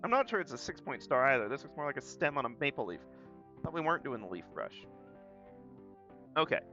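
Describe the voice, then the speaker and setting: Drawing on stream, the young Southern-accented man keeps up a rambling, self-deprecating chat in a mid-range voice that swings widely in pitch, runs a little fast and sounds pushed and bright. Faint guitar music plays beneath the slightly dull audio.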